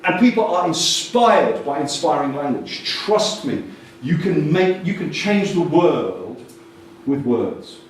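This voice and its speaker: A man giving a lively, jokey presentation at a coaching conference, often acting out voices. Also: on the high side, slow pace, slight background noise. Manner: animated, jokey, acts out voices. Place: large hall. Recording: echoey hall, mic far off.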